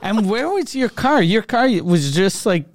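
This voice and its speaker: A man co-hosting a podcast, throwing in deadpan jokes. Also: high-pitched, a little slow, no room sound. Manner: joking, deadpan one-liners. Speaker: podcast co-host. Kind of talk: casual comedic banter.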